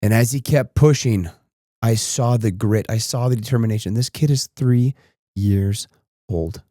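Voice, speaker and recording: Reflecting on a personal story, a thirties-aged male podcast host slowly becomes emotional and tearful. His mid-range voice is dark in tone and a little slow, captured as clean studio sound without any room echo.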